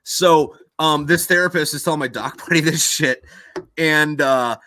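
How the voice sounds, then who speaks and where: A man's voice: a little high, measured pace, pushed and bright, a little hiss or hum. A man hosting a podcast, telling a rambling, profane war story in casual chat and acting out quoted voices. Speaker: podcast host.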